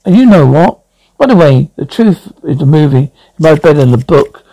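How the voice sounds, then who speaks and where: A jaded, self-destructive middle-aged writer in a TV drama, sardonic and foul-mouthed, at times pleading. His voice sits a bit high for a man, with a gravelly fry and a dark, mellow tone, in a dry, close sound. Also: expressive, normal speed, no room sound, rough recording. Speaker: lead character in a TV drama. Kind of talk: TV series dialogue.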